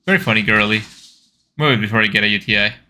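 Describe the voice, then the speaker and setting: A man's voice: lowish voice, fast talker, pushed and bright, a little hiss or hum. A man reading the lines of a blunt, bossy teenage schoolgirl who teases and pushes her friend. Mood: brusque.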